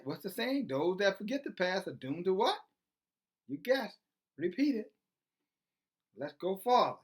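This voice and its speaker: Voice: medium pitch, fairly bright tone. An online commentator who reads news aloud and preaches about it in a sarcastic way, full of rhetorical questions.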